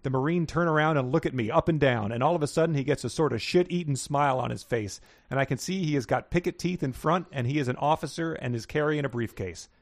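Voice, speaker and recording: Folksy Southern narrator, as a man puts him on, drawling, broken grammar, raised pitch. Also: fast, few pauses, dry recording, natural voice. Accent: American Southern, put on. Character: slow-witted Southern man narrating his adventures.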